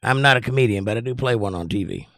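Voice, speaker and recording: Male streamer, hoarse, jokey, rambling, mid pitch, dry close sound. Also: fast, a bit bright, no room sound. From North Carolina. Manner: joking, rambling, does silly voices. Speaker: livestream host. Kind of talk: casual chat with live chat.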